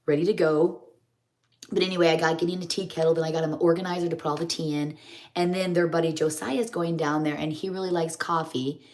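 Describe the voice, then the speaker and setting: A woman's voice: low-pitched, a little mellow. A middle-aged woman chats in a rambling, homey way while doing her makeup on a live stream. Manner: rambling, homey, chatty storytelling.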